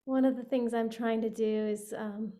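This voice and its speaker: A woman sharing a personal story in a group video call, animated and often laughing. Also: on the high side, moderate pace. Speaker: participant.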